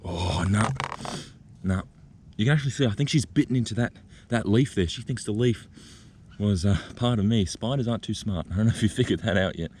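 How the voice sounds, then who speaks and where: A man vlogging outdoors in the bush, talking gently and excitedly as he coaxes a spider out of its burrow. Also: fairly low pitch, a little fast, slight background noise. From Australia. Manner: excited, gentle, coaxing, thinking aloud. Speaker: nature vlogger. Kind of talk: outdoor wildlife vlog, talking to camera. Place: outdoors in a bushland reserve.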